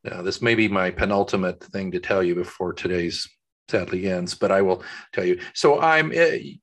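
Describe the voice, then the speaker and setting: A man co-hosting a podcast from his home office, chatting casually and telling animated anecdotes. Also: sits low, normal speed. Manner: animated storyteller, acts out voices in his anecdotes. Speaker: podcast co-host. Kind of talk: casual chat.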